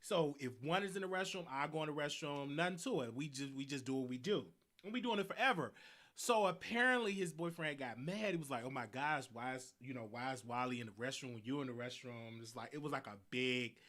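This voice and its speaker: A man with a Southern US accent hosting a live show, telling a rambling story in a casual, animated way, repeating himself and laughing often. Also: mid-range voice, fairly quick. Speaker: host.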